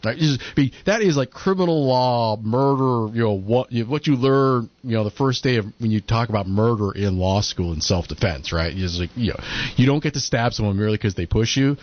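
A man's voice: mid-range voice, animated, brisk. A man chatting casually as a podcast co-host, retelling events and acting out quotes in mocking voices. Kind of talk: casual commentary chat. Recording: lo-fi muffled audio.

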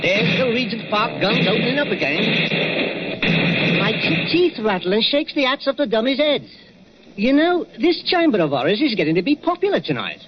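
An actor who calls everyone governor. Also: male voice, very high-pitched, sing-song, normal speed. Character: chatty Cockney night watchman at a waxworks. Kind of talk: 1940s radio acting. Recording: lo-fi old radio broadcast with hiss.

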